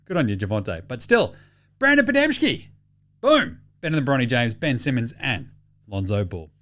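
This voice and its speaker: Here a mid-range, moderately paced Australian voice leads a sports podcast. The man keeps things loose and animated, joking and cursing as he talks.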